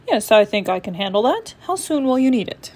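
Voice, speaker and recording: A woman voicing a calm, friendly father bear in a storybook read-aloud. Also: a little high, brisk.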